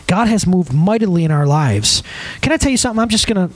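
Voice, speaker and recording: Animated male pastor preaching emphatically. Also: high voice, quick pace, rough recording. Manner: emphatic, asks the congregation questions, conversational. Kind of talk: sermon.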